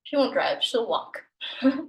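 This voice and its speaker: A woman teaching a language lesson at an unhurried pace, sounding out each word slowly and patiently and correcting herself as she goes. Her voice sits a little high. The recording is roomy and echoey, with her voice set back a little from the mic. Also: big pitch swings, a bit bright, distant mic. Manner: patient, slow, sounding out words, self-correcting. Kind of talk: explaining grammar in a recorded lesson. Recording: echoey room, voice a bit off mic.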